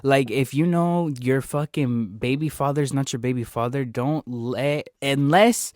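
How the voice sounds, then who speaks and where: A man's voice: mid-range voice, measured pace, darkish tone, dry recording, clean studio sound. Young man hosting a casual podcast. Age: young adult. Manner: loose and profane, asks interview questions. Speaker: podcast host.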